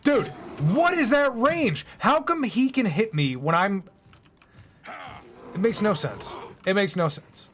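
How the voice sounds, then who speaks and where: A man giving rambling, sarcastic let's-play commentary, breaking into yells at the game. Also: high voice, animated, slow pace. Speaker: gaming YouTuber.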